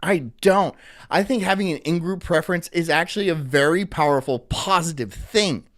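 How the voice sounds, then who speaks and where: A man's voice: on the high side, moderate pace, a bit bright. A man hosting a livestream, ranting profanely and animatedly about news clips. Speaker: livestream host.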